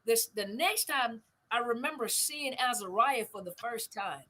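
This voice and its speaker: A woman's voice: fairly high pitch, lively intonation, a little slow, pushed and bright, rough recording. An older woman, hosting a family conversation and telling stories with emphatic repetition. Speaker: host.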